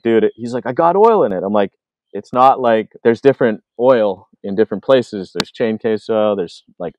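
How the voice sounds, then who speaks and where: Low-voiced man telling stories casually. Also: no room sound. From Canada. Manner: animated, acts out quoted voices, many fillers. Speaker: filmmaker guest. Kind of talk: casual storytelling.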